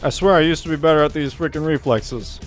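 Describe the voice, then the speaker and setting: A man's voice: on the high side, fast, soft background music. A man casually commentating while streaming a video game, joking, sarcastic and rambling.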